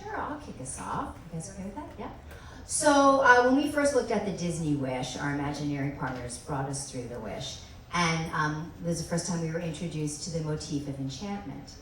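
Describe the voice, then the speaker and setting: A woman's voice: deep voice, fairly bright tone. A woman from New Jersey speaking on a live panel as an entertainment director, bubbly and chatty with exclamatory bursts. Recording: echoey hall from far off, ambient noise.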